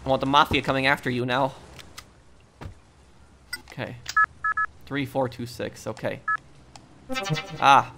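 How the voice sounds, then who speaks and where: A man's voice: medium pitch, steady tone, a little slow, creaky, pauses often, noisy background. A man giving casual let's play commentary. He is chatty, reads in-game messages aloud and uses a lot of fillers.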